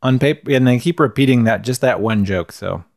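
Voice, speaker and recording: Male podcast co-host, mid pitch, laid-back and rambling, dry sound. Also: fairly quick, gravelly, darkish tone, no echo. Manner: laid-back, rambling, chuckles at his own jokes. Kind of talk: casual film review chat.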